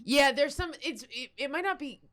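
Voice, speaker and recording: A playful woman with a Minnesota accent, her pitch bouncing all over as she jokes. The sound is dry and close, with almost no room around her voice. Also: expressive, moderate pace, fairly bright tone, dry recording. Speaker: comedian guest. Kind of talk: casual podcast chat.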